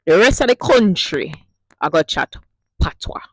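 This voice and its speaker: A woman's voice: low-pitched, very animated, normal speed, husky, no room sound, rough recording. A woman from Jamaica with a Jamaican accent, explaining things to her viewers in a casual vlog, emphatic and affectionate, often asking them questions. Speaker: vlogger teaching Jamaican patois.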